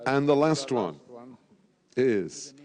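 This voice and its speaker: A man's voice: mid-range voice, animated, drawn-out words, a little mellow. A man emceeing a live event, jovial and teasing, sprinkling in French phrases. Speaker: event host at a draw.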